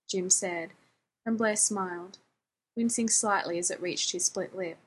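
A woman narrating a fan fiction story in a steady storytelling voice, voicing the characters. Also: medium pitch, unhurried, breathy edge, poor audio. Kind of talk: reading fan fiction aloud.

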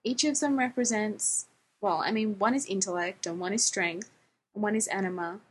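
A woman voicing an embarrassed, excitable young man who rambles on with lots of "like" and "man", in a husky voice. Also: medium pitch, moderate pace, close to an everyday voice, poor audio. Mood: rambling. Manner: rambling, breathless, full of "like" and "man".

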